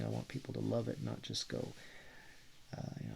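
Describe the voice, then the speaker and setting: A man's voice: on the low side, sing-song, normal speed, vocal fry, pauses often, darkish tone, husky, highs cut off. A man in his forties from Texas with a Texas accent, talking casually in a meandering, self-correcting way on a vlog. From Texas, USA. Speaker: artist vlogger.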